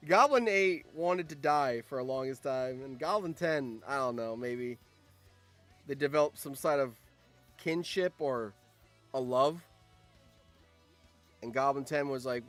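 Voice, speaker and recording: A man's voice: medium pitch, unhurried, long pauses, a bit bright, soft background music. A man streaming and commenting on a game, reading out results, laughing often and swearing.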